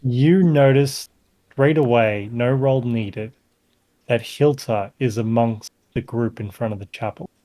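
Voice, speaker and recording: A man narrating as game master in a tabletop game, relaxed and pausing on fillers. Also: medium pitch.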